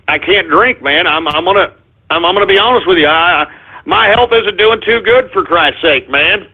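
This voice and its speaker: High-voiced exasperated male radio host. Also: breathy edge, phone-quality sound. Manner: exasperated, stammering, keeps repeating "man"; pleading, addresses listeners as folks. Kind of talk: call-in radio show monologue.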